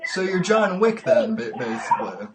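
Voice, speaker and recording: A man's voice: mid-range voice, very animated, normal speed, a little hiss or hum. A man hosting a live call-in podcast, chatting casually and amused, often stalling and repeating words as he goes. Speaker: podcast host taking calls. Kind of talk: casual live-stream chat.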